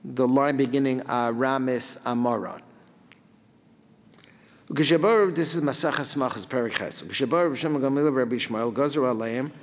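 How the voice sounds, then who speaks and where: Rabbi lecturing in a reverberant hall. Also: male voice, medium pitch, fairly quick. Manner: reads Hebrew and Aramaic text then translates it, lively questions. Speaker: rabbi teaching a class. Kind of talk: Talmud lecture.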